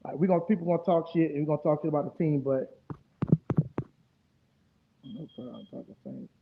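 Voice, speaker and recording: A man's voice: a little high, brisk, gravelly, very noisy. A man from New Orleans with a New Orleans accent, hosting a casual live stream and talking in a profane, rambling, heated way. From New Orleans, Louisiana. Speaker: streamer host. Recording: tinny phone-like audio.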